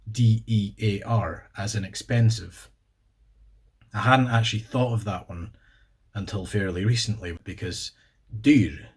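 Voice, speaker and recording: Slow, husky Scottish man. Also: lowish voice. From Scotland. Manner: spells words letter by letter, dry jokes. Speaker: video host. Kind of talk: casual explanatory vlog.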